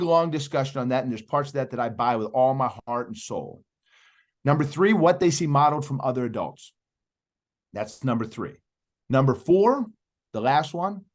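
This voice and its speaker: A middle-aged man talks as an interview guest, emphatic and persuasive. He presses the host with questions and keeps driving his point home. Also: medium pitch. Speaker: podcast guest, youth speaker. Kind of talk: animated interview talk.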